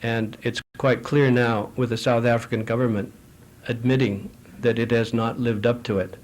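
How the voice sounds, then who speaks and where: A middle-aged man at a foreign affairs forum fields questions from the audience. His talk is measured and full of anecdotes, and he often pauses and restarts mid-sentence. His voice sits at an ordinary mid pitch. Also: level tone, a little mellow.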